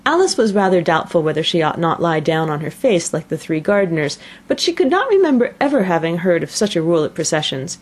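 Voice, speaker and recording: A woman narrating a classic children's story aloud in an expressive, measured reading. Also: sits low. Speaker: audiobook narrator.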